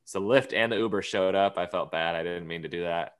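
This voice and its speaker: A man telling a long, animated travel story on a podcast, acting out the lines of the people in it. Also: low voice, fairly quick, clean tone. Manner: storytelling, acts out quoted lines. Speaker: guest comedian. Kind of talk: casual anecdote on a podcast.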